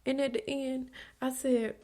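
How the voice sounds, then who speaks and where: A young adult woman hosting her own podcast, talking candidly and bluntly about her life, with frequent profanity and stretches where she drops to a soft whisper. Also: high voice, level tone, unhurried. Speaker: podcast host. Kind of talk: candid confessional monologue.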